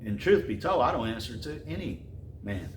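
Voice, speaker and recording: A man preaching a sermon who reads scripture slowly and then retells it in casual slang. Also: mid-range voice, very animated, roomy sound, slight background noise.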